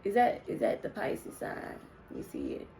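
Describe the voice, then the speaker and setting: A woman's voice: normal speed, mellow, rough recording. A young woman giving a casual spiritual card reading to her viewers, chatty and rambling with many ums and asides. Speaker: spiritual reader.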